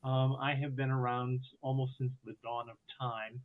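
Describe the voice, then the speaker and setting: A man's voice: medium pitch, flat delivery, moderate pace, slight background noise. Man on a tinny, phone-like line. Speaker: playwright. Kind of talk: casual roundtable introduction.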